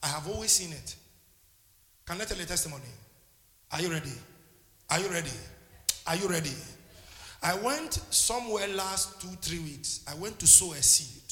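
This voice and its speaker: A man's voice: a little high, a bit bright, echoey room, long reverb tail. A man preaching a sermon as a pastor, impassioned and calling out to his congregation.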